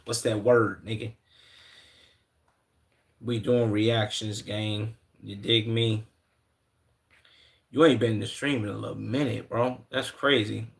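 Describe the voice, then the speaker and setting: A young man with a low, gravelly voice riffs casually on a live stream, reacting to clips and greeting people in his chat. His talk is loose and slangy, full of asides and restarts. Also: flat delivery, a little slow.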